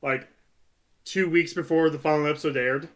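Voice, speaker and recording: Male podcast co-host, slightly high voice, eager and tumbling over words in casual chat. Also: moderate pace. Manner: excitable, stumbling restarts and laughs.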